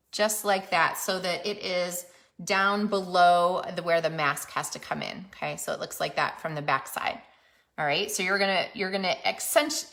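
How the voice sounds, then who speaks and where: A woman's voice: lowish voice, a bit bright. A woman demonstrating card making, chatting casually as she works. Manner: chatty, self-narrating while working. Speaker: papercraft demonstrator. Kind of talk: crafting tutorial narration.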